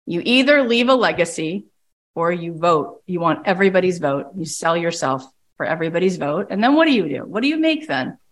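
A woman with a lowish voice coaching a group over a call. She talks with blunt, emphatic force and often jumps high into mocking put-on voices. Her tone is plain-spoken and sometimes profane. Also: brisk. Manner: emphatic and animated, with big swings into mocking voices. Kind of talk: impassioned coaching talk.

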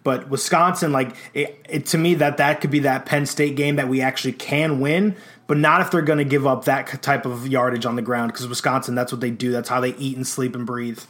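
A man co-hosting a sports podcast, talking in an animated, jokey way. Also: medium pitch, fairly quick. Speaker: podcast co-host. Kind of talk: casual sports chat.

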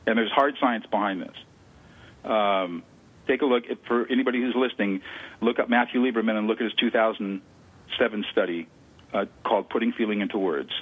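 A man with a low, husky voice explains his method eagerly, hammering points home by repeating himself. The sound comes through a thin, tinny phone line. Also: a little fast. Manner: emphatic, repeats words for stress. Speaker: guest expert on conflict de-escalation. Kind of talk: enthusiastic explaining in an interview.

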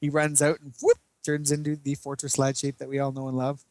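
A man, podcast host, casually recapping a comic book with giggles and animated storytelling. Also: medium pitch, brisk, no room sound.

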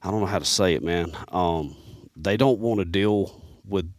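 A man's voice: deep voice, normal speed, dry recording. A man, a guest on a podcast, telling a casual, rambling story in a studio. He fills his sentences with "man" and "you know.". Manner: rambling, animated, peppers speech with "man". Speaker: podcast guest, turkey hunter.

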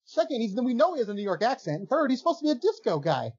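Co-host with dry wit, lively intonation, dull lo-fi recording. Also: mid-range voice, quick pace, breathy edge. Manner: dry, wry remarks. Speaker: podcast co-host. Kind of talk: casual chat.

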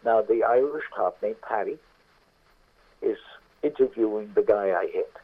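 Slow gravelly older man on a phone line. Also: fairly low pitch, animated. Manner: unhurried, acts out the characters. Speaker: guest storyteller. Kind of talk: anecdotal storytelling.

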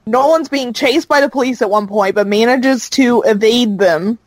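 A woman's voice: fairly high pitch, moderate pace, no echo, poor audio. A woman co-hosting a podcast, recapping a show in casual chat with lots of fillers. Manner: rambling recap with fillers, laughs easily.

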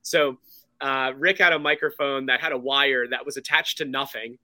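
A man telling a story in an excited, casual way, with many fillers. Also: mid-range voice, moderate pace, no echo. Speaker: podcast guest.

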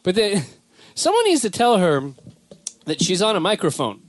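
Rambling and animated, a young man from Southern California hosts a casual comedy podcast and keeps breaking into silly voices. His voice sits high at normal speed, recorded dry with clean studio sound.

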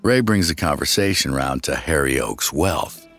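A man with an extremely deep voice tells a true-crime story in measured, scripted narration, his tone rough with gravel. He now and then turns to address the listener directly. Faint music plays under his voice. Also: lively intonation, fairly bright tone.

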